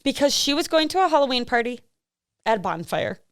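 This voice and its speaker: A woman's voice: high-pitched, big pitch swings, fairly quick, clean tone, no echo, studio quality. A woman, co-hosting a podcast and telling true-crime stories in a rambling, chatty way with frequent laughs and fillers. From American Midwest. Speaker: podcast co-host. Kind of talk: casual true-crime chat.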